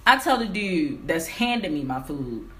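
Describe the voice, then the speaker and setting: A woman's voice: sits low, unhurried. Young woman ranting a storytime at home, voice swoops up and down, swears a lot. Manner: animated, profane, emphatic ranting. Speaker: vlogger telling a story. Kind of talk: casual storytime vlog. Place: home game room.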